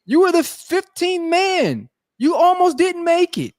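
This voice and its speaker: High, teasing New Orleans man. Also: very animated, measured pace. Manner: mocking, teasing. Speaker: podcast co-host. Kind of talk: casual sports chat.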